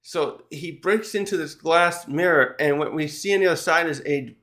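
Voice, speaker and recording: A man's voice: fairly high pitch, normal speed, fairly bright tone. A man casually recapping a manga chapter in a rambling, chatty way, with frequent restarts and small laughs.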